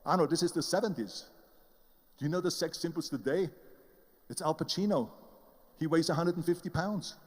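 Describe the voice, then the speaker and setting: Older man, Austrian German accent, motivational speech, emphatic storyteller, slightly high voice, long hall echo. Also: normal speed, pauses often. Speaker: motivational speaker.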